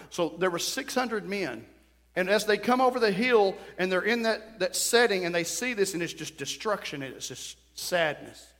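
A middle-aged man preaching a sermon, telling stories in an animated way, with sudden bursts and drops. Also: high-pitched. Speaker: pastor. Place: church sanctuary. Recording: reverberant church hall.

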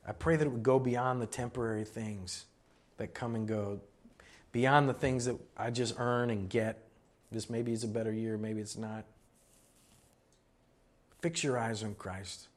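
A man preaching a sermon as pastor, conversational and earnest, building to emphatic exhortations. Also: medium pitch.

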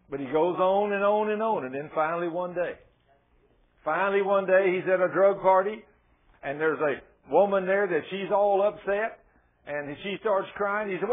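A man's voice: high-pitched, normal speed. A man preaching a sermon in a fervent, folksy way, acting out the people in his stories. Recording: tinny phone-like sermon recording.

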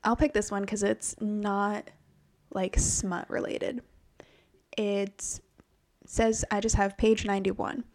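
A woman's voice: medium pitch, level tone, slow, a little mellow. A woman co-hosting a book podcast, chatting casually and animatedly, swearing freely and acting out quotes. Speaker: podcast co-host.

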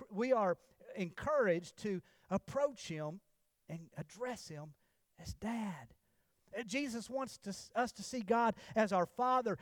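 A man preaching a sermon in a church, with emphatic declarations that drop to low, hushed phrases. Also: no room sound. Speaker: pastor.

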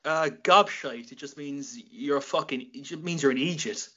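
A man's voice: a little high, normal speed, pushed and bright, muffled recording. A young man with an Irish accent hosting a casual interview, rambling and joking, with a lot of swearing. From Ireland. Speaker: podcast host.

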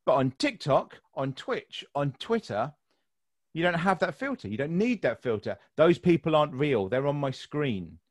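A man's voice: fairly high pitch, very animated, moderate pace, no room sound, studio quality. A British man hosting a podcast, talking frankly and swearing freely, often laughing at his own jokes. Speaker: podcast host. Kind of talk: casual podcast chat.

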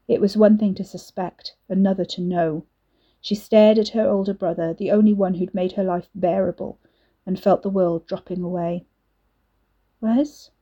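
A woman narrating an audiobook in a measured, expressive reading. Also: on the low side, muffled recording.

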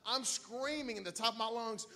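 A middle-aged man, a pastor telling a story to his church in an excitable way, laughing and swinging from quiet asides to loud shouts. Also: very high voice, moderate pace, very noisy.

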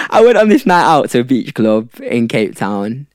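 A man's voice: mid-range voice, huge pitch swings, unhurried. A young man from South Africa, a podcast guest telling a rambling story in casual chat. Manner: rambling, with fillers and laughs.

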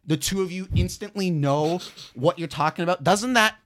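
A young man co-hosting a casual podcast, reflecting out loud in hesitant, searching phrases. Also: sits high, moderate pace. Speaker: podcast co-host. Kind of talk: casual chat.

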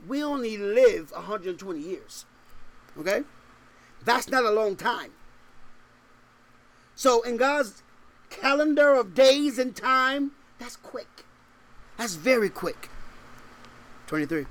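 During a sermon, a man with a very high-pitched voice speaks a little slowly and pauses often. This male pastor reads old-style English scripture, then gets animated, firing off rhetorical questions in casual slang and laughing between points.

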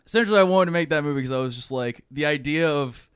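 Male podcast co-host, smooth and clear, rambling storyteller, swears freely, dry close sound. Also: on the high side, quick pace, dry recording. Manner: rambling, animated retelling with frequent swearing. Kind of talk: casual chat, pitching a movie plot.

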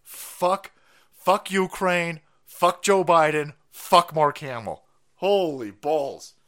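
A man's voice: fairly high pitch, takes it slowly, fairly bright tone. A man hosting a live stream, ranting in a profane, mocking way and laughing often.

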